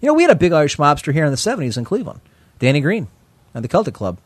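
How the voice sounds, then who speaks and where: A man's voice: on the high side, huge pitch swings, rapid-fire, slightly rough, no echo. A man from Ohio co-hosting a casual chat show, blunt and joking as he reads questions and answers them. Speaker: podcast co-host. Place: Cleveland.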